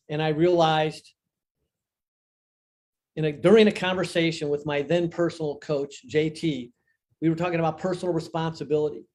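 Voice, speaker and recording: Older male guest on a video call, slightly high voice, earnest reflective storyteller. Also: a little mellow. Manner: earnest, reflective, emphatic on key phrases. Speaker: guest, divorce author and coach. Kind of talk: conversational interview storytelling.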